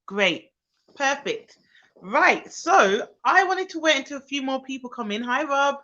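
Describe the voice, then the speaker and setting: A woman's voice: sits high, expressive, a little slow, bright, forceful tone, highs cut off. Chatty woman on a live stream. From Birmingham, England. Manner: chatty, greets viewers by name, frequent ums. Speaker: childcare expert hosting a live stream. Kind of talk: casual live-stream chat.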